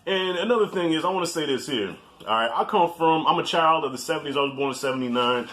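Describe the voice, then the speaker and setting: A man's voice: on the high side, animated, fast, fairly bright tone. A man in his forties giving a blunt, joking, profane movie review as a guest in casual chat. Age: 40s.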